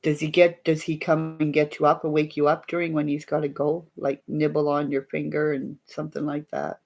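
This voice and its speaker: A woman's voice: low voice, flat delivery, fairly quick, creaky, darkish tone. A middle-aged woman, chatting casually and rambling as she hosts a live stream for viewers, laughing often along the way. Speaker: livestream host.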